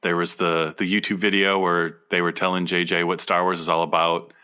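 A man's voice: low voice, flat delivery, brisk, bright, forceful tone, smooth. A man co-hosting a casual podcast chat, joking and enthusiastic as he banters with his co-host.

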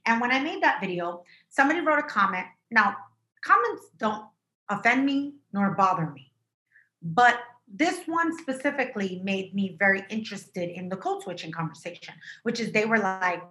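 A woman co-hosting a podcast over a video call, chatting casually in an animated, emphatic way. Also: mid-range voice, normal speed, echoey room. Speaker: podcast co-host. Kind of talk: casual chat.

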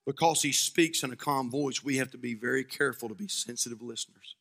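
A male pastor preaching a sermon, swinging between shouted fervor and hushed, quiet passages. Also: medium pitch, fairly quick, vocal fry.

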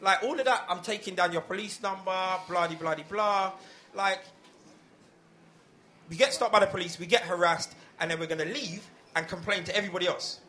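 A man with a high, bright voice leads a relaxed group discussion. He tells his stories with animation and often breaks into laughter. The talk has a loose, conversational feel. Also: fairly quick, slight background noise. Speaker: host. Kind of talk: casual panel discussion.

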